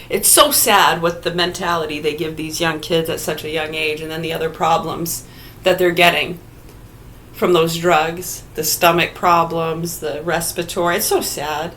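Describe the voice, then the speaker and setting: A woman's voice: lowish voice, a bit bright, slight background noise. A woman in a casual ranting monologue, blunt and profane, firing rhetorical questions at imagined listeners. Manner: argumentative, talks to absent listeners.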